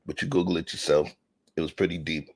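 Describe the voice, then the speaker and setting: A man's voice: extremely low pitch, little pitch movement, fast talker. A man hosting a casual podcast chat, emphatic and laughing, with lots of 'you know'. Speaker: host.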